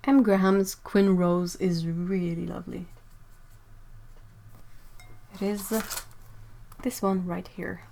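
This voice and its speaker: A woman's voice: lowish voice, steady tone, slow pace, gravelly, pauses often. Chatty woman streaming. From Quebec, Canada. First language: French. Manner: chatty, reads out viewer comments, drifts quieter while working. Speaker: artist livestreamer. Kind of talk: casual livestream chat while painting.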